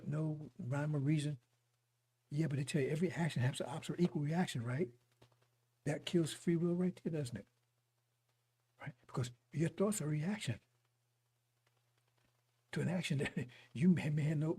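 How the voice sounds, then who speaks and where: Husky, gravelly male preacher. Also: fairly high pitch, mellow. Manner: mocking, fiery preaching; chuckles between points. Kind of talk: broadcast sermon.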